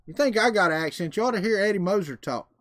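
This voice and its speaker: Talking fast with lively intonation, a man with a high, slightly bright voice and a Southern US drawl hosts a laid-back livestream. He jokes around with viewers in a folksy way, and there's no room sound.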